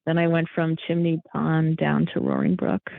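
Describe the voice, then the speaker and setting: A woman's voice: deep voice, normal speed, creaky, no echo. Woman telling her story over a tinny line. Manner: emotional, animated storytelling. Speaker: guest, thru-hiker. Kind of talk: casual interview chat.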